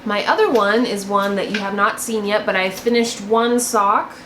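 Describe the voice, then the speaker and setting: A woman's voice: medium pitch, moderate pace, a bit bright, a little hiss or hum. A young woman hosting a knitting video podcast, chatting casually and gushing about her finished projects, often repeating words for emphasis. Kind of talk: casual show-and-tell chat. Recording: echoey room.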